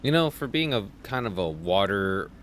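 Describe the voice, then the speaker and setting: A man's voice: on the low side, very animated, moderate pace, a bit bright, a little hiss or hum. A man hosting a let's play, chatting and joking casually while he plays. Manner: chatty, jokey, reads game notes aloud in voices. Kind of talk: casual gameplay commentary.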